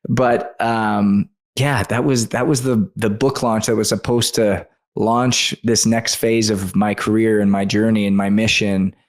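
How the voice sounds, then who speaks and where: A man with a fairly low voice, guest on a podcast interview. He tells a personal story earnestly, with feeling and quick asides. His delivery is conversational and heartfelt. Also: level tone. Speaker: guest author.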